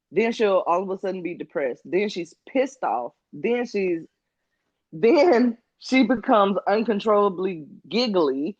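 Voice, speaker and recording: A woman's voice: fairly low pitch, dry recording, muffled recording. A woman co-hosting a casual podcast, telling stories with laughs and mimicking her friends. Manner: animated storyteller, laughs often, mimics friends. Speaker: podcast co-host. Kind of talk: casual chat.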